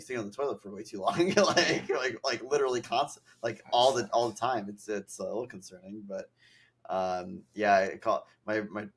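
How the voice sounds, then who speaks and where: A young man hosting a podcast in a loose, rambling way, leaning on filler words as he goes. His voice sits a little low. He sounds a bit stuffy from allergies. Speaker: podcast host. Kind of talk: casual chat.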